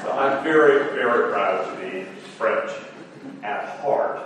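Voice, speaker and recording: Captured from a distance in a roomy lecture hall with a noisy background, this man's fairly low voice carries formal conference remarks. He is the moderator, and his humor is dry and self-deprecating.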